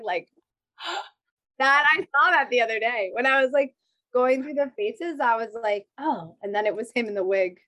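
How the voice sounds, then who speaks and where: A woman in her thirties tells stories in relaxed podcast chat, often breaking into laughter. Her voice sits slightly high, and she talks in a loose, chatty flow. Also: no room sound. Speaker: podcast guest. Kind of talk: casual chat.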